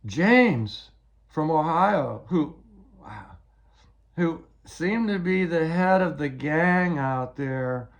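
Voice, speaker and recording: A man's voice: a little high, expressive, very slow. An older man giving a rambling, agitated personal account, often repeating words as he retells events.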